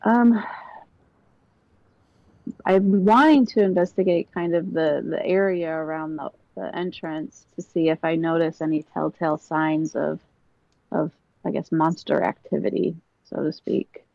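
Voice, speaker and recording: Gravelly, low-voiced woman tabletop player. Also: fairly even intonation, dark tone, dry recording. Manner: hesitant, halting. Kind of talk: casual chat at a game table. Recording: dull, lo-fi voice call audio.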